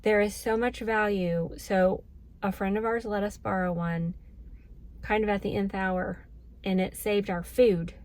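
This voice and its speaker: A woman's voice: medium pitch, fairly even intonation, unhurried. A middle-aged woman vlogging in a casual, earnest, heartfelt way to her viewers. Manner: earnest, heartfelt, emotional at moments. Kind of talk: casual talk to camera.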